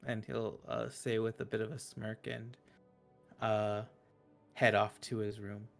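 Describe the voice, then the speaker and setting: A man narrating his character's actions in a tabletop game in a halting way, with many fillers. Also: on the low side, little pitch movement, vocal fry, soft background music.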